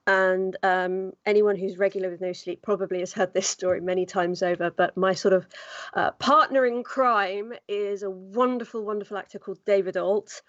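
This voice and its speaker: A woman's voice: medium pitch, fairly even intonation, normal speed, a bit bright, dry recording, highs cut off. A woman voice actor chatting casually on a podcast, with many fillers. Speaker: guest voice actor.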